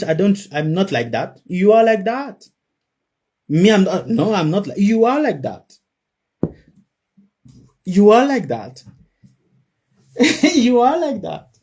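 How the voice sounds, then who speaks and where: Male spiritual teacher, sermon delivery, high and animated, emphatic repeats. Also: breathy edge. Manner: emphatic, repeats phrases for effect. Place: before a live audience.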